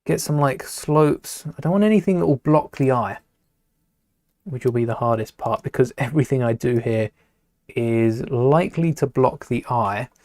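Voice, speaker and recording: A man chats loosely through a live stream while building, trailing off into mutters and then answering viewers. His voice sits at an everyday middle pitch. The sound is dry and close, with no room echo. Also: normal speed, darkish tone. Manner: rambling, chatty, mutters to himself and greets chat.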